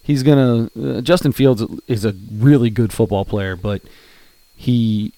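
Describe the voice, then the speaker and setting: A man's voice: medium pitch, measured pace, dark tone, no room sound. A man co-hosting a casual sports betting podcast, rambling and getting out of breath as he talks. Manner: rambling, gets out of breath while talking. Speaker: podcast co-host.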